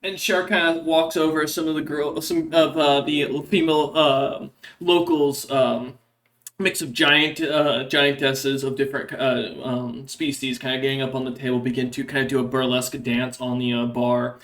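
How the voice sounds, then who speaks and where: A man narrating as game master for a tabletop game, in loose, halting speech full of fillers. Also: mid-range voice, flat delivery, fairly bright tone.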